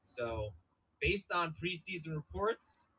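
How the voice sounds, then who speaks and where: A man's voice: on the high side, lively intonation, slow pace, pushed and bright. Podcast host guy reading rankings, voice goes up n down a lot, noisy. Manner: reads rankings and chat comments aloud. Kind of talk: sports podcast discussion.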